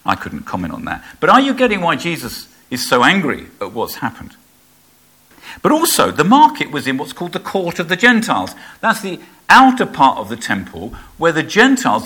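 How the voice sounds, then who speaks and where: A man's voice: medium pitch, pushed and bright. A man preaching a sermon in a conversational way, asking his listeners rhetorical questions.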